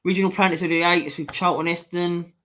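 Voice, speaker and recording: A man hosts a live stream and reads viewer comments aloud. His voice sits a little high and sounds bright and forceful. He banters bluntly with the chat and swears freely. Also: level tone, fast talker.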